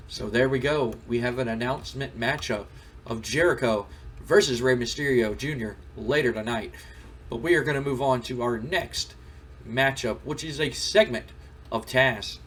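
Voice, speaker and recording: A man's voice: mid-range voice, normal speed, a bit bright, slight background noise. Man, casual game narration, rambling, fillers, distant mic. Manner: rambling, filler-heavy retelling. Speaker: game show host.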